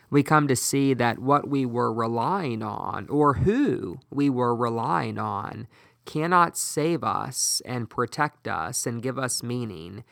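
A man preaching a sermon in a measured, emphatic way, with slow deliberate pauses. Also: mid-range voice, creaky, bright, forceful tone, no echo, clean studio sound.

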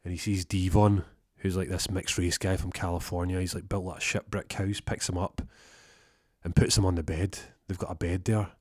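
A young man telling a rambling comic story, deadpan, acting out both sides of the conversation. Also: low-pitched, normal speed, dry recording, studio quality. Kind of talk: comic storytelling with acted-out dialogue.

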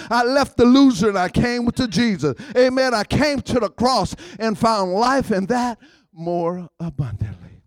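A man with a high voice preaches a call-and-response sermon, pressing each point home by repeating phrases. He swings from ringing outbursts down to hushed lines. The sound is close and dry, with no room around it. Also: big pitch swings, moderate pace, no echo. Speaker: guest preacher.

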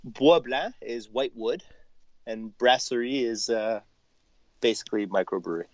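A man's voice: medium pitch, unhurried, no echo. Canadian guy brewer chatting on a call, patient, lots of ums, kinda muffled dry sound. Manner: relaxed, explains patiently with frequent fillers. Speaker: podcast guest, brewer. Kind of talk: casual chat. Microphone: phone call.

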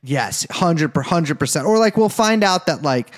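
A man's voice: a little high, animated, normal speed. Crude, joking male podcast co-host. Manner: crude, joking, swears a lot. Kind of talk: casual podcast chat.

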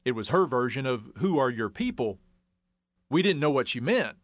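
A man's voice: medium pitch, big pitch swings, moderate pace, no echo. A man from the Ozarks, giving wry, folksy scripted documentary narration. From Arkansas Ozarks.

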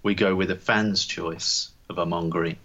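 Man, very low pitch, teasing casual podcast chat, muffled lo-fi sound. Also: fairly even intonation, a little slow, sharp tone. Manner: chatty, teasing, laughs easily. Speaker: podcast co-host.

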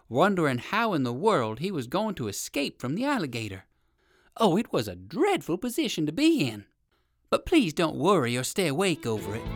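A man reading a children's bedtime story aloud, speaking gently and directly to young listeners. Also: on the high side, no echo, studio quality.

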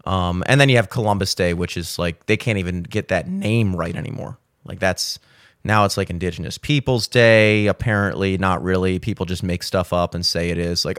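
A man's voice: deep voice, moderate pace, fairly bright tone. A man hosting a podcast, delivering a profane, sarcastic comedic rant and acting out mock conversations. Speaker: podcast host. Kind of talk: ranting comedic monologue.

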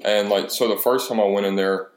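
This twentysomething man has a fairly low voice with an even tone and a brisk pace. Chatting casually, he rambles through a foul-mouthed story about a bar, voicing everyone else's dialogue himself, and the room echoes around him.

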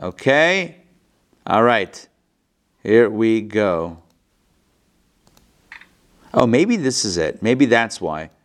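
A rabbi teaching a live class, reading a text aloud and explaining it in a lively, playful way, acting out the quotes. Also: male voice, lowish voice, drawn-out words, pauses often. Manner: lively, acts out the quotes with playful modern paraphrase.

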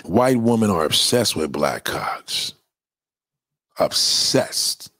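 A man's voice: on the low side, animated, slow, a bit bright, no echo, studio quality. A man delivering a blunt, profane, opinionated monologue in a lecturing tone.

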